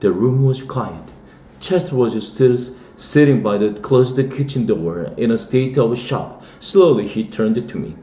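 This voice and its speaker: A man from South Korea who teaches English reads a children's novel aloud. His mellow voice moves in lively pitch swings through the story. It is heard with a roomy echo, indoors. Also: measured pace. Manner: steady read-aloud with lively dialogue.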